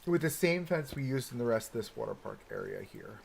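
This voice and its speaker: A man's voice: mid-range voice, expressive, brisk, gravelly. Guy streaming his park build, rambly, lots of likes, faint hiss behind. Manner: chatty, thinking aloud with many "like"s and rhetorical "right?". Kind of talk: casual live-stream commentary.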